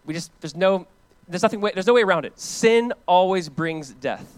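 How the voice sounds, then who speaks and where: Speaking at a moderate pace with no echo around him, a pastor from the US preaches in a high voice. He keeps it animated and conversational, alternating loud emphasis with softer passages and restating phrases for weight.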